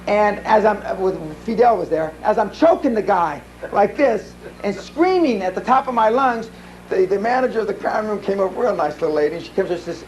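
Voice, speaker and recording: High-voiced guy ranting at a business seminar, swears a lot, bit of hiss behind. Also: a little fast, a little mellow, low-quality recording. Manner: blunt, profane storytelling with many restarts. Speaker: seminar speaker. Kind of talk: live seminar talk. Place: seminar room.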